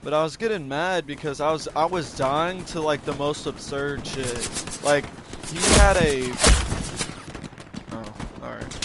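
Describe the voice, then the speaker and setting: A man's voice: on the high side, measured pace, very noisy. A man telling a casual, rambling story about a game match, swearing often and restarting sentences. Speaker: gaming video creator.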